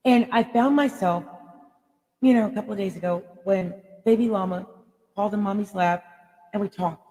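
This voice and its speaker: A woman's voice: medium pitch, moderate pace, long pauses, dark tone. Emphatic woman life coach, echoey. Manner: rambling, emphatic, blunt with mild swearing. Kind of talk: live motivational coaching talk.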